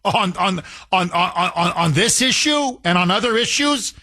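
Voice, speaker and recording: High bright-voiced radio host guy, slow and combative, keeps hammering the same line. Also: expressive. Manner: combative, emphatic, repeats phrases for punch. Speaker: radio talk show host. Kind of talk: talk radio monologue.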